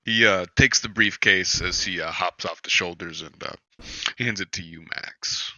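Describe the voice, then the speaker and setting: Bright-voiced man narrating a tabletop game. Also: low voice, no room sound, low-quality recording. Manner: halting narration with many uhs. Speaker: game master.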